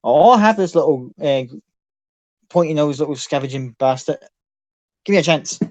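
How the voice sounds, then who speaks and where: A cocky raccoon fighter, put on by a man goads his rival with loud, swaggering taunts. The delivery is dry and close to the mic. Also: fairly high pitch, lively intonation, moderate pace, no echo, lo-fi sound, lightly acted. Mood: taunting. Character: scrappy male raccoon brawler, cocky.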